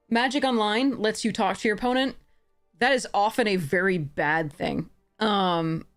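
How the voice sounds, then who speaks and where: A woman giving casual commentary while playing a card game, chatty, often correcting herself and slipping in quick apologies. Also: mid-range voice, no room sound. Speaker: game streamer.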